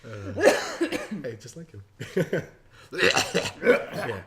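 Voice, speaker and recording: A man's voice: on the low side, lively intonation, a little fast, fairly bright tone. A young man co-hosting a podcast in casual chat, joking and mock-dramatic, trailing off into mumbles. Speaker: podcast co-host.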